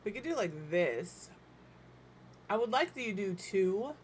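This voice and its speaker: A woman's voice: medium pitch, very animated, unhurried, long pauses, slight background noise. A woman in her thirties chatting casually while she builds, thinking aloud and joking at her own expense, sometimes with her mouth full. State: talking while eating. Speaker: game builder streamer.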